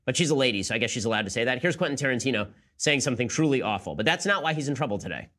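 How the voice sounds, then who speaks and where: Fast-talking sarcastic male commentator. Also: medium pitch, expressive, fairly bright tone. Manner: sarcastic, incredulous. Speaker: political commentary show host. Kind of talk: rapid-fire commentary.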